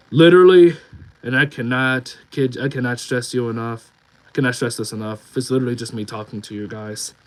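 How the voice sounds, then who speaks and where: A man's voice: mid-range voice, low-quality recording. A young man streaming live and chatting casually, reading comments from his viewers aloud and rambling with many restarts.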